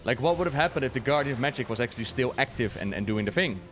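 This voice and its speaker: A man's voice: medium pitch, lively intonation, rapid-fire, over music. A man streaming a video game, chatting casually about its lore with jokes and casual swearing. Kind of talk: casual lore commentary while playing.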